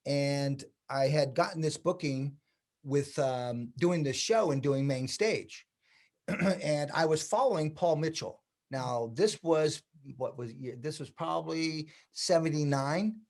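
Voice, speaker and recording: A hairdressing educator in his sixties tells stories in a casual interview, speaking slowly in a slightly high voice. He animatedly acts out the quoted dialogue with lively energy.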